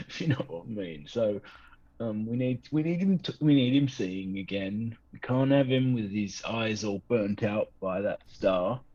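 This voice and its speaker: A man voicing a gruff, hard-drinking woman sailor who talks bluntly and bosses people along. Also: lowish voice, expressive, a little slow, dark tone. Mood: conspiratorial. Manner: blunt, pushy encouragement. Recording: dull lo-fi sound.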